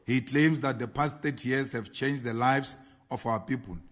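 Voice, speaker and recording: A South African man, a party leader, reading a prepared political statement with slow, emphatic delivery of lists. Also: medium pitch, fairly bright tone.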